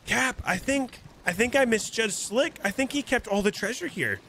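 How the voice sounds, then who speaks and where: A bright, high-voiced, theatrical male gamer. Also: expressive, normal speed, a little hiss or hum. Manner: theatrical, melodramatic, shouts in mock outrage. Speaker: streamer playing a pirate game. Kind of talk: in-character gaming banter.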